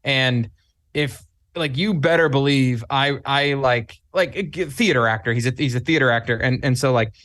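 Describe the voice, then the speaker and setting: A club staffer appears as a guest on a podcast, chatting casually and animatedly telling stories in which he acts out his own quotes. His voice sits at medium pitch, a bit bright, at a moderate pace, with no echo.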